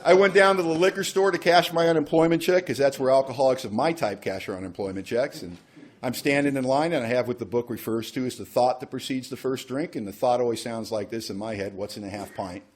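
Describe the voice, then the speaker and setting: Speaking fast in a mid-range voice, a man shares his own recovery story with a workshop group. He's wry and self-mocking, acting out the voices of the people he quotes.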